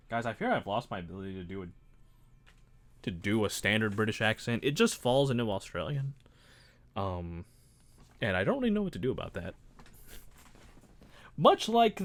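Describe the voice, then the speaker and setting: A man chatting casually to his viewers while he builds a model kit. His pitch swings up and down a lot. He rambles, mocks himself and often breaks into laughter. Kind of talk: casual livestream chat.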